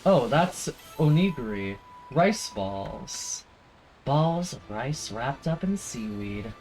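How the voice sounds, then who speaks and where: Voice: mid-range voice, sing-song, slow pace, darkish tone, soft background music, rough recording. A streamer giving playful, jokey commentary while playing a video game. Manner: playful, jokey asides and silly voices. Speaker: let's play streamer. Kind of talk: casual gameplay commentary.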